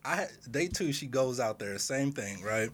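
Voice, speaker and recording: A man in casual chat, telling a story with lively quoted dialogue and laughter. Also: medium pitch, normal speed, slight background noise.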